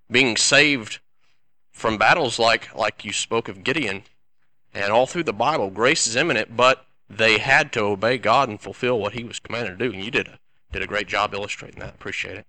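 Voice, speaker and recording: Low, bright-voiced church member. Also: male voice, low-quality recording. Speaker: class member commenting. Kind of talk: church class discussion.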